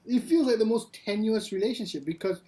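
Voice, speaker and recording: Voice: medium pitch, fairly quick, mellow. A co-host on a film podcast, agreeable and hesitant, often restarting sentences. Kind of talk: casual film discussion.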